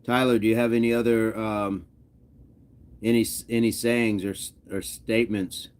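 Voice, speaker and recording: Man, lowish voice, casual livestream host, reads chat comments, easygoing. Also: level tone, normal speed, a little mellow, clear, resonant tone.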